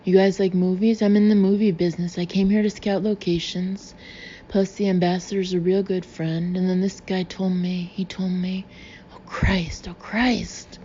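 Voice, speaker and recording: A woman's voice: on the low side, little pitch movement, normal speed, warm tone, close to an everyday voice. A woman voicing a man who fakes terror as a hostage, wailing, pleading and jabbering in short breathless bursts. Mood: panicked jabbering. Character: terrified middle-aged man faking hostage panic. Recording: slightly dull recording with faint hiss.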